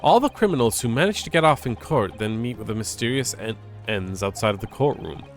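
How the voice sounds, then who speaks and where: A man voicing an earnest young male defense lawyer in a game, with high, startled exclamations. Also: expressive, fairly quick, faint music behind, natural voice.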